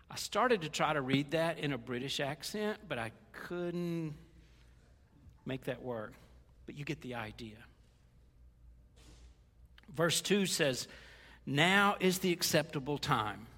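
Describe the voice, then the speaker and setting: A man's voice: a little high, animated, slow, pauses often, sharp tone. A middle-aged male pastor preaching a sermon in a conversational, joking way, slipping into quoted asides. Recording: long hall reverb.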